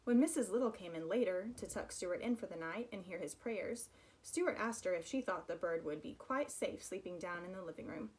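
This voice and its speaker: A woman reading a children's book aloud in an expressive storytelling manner. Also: on the low side, brisk. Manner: expressive storytelling, personal asides. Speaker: reader.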